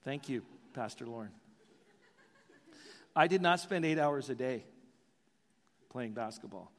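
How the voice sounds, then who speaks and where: A man preaching a sermon as pastor, animated and joking in asides. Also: mid-range voice, a little slow, long reverb tail.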